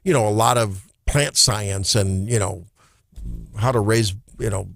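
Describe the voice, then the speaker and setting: A man's voice: fairly low pitch, unhurried, creaky, fairly bright tone, no room sound, clean studio sound. A man with a Midwestern American accent hosting a morning radio show, giving jokey, incredulous commentary. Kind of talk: talk radio banter and commentary. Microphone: studio microphone.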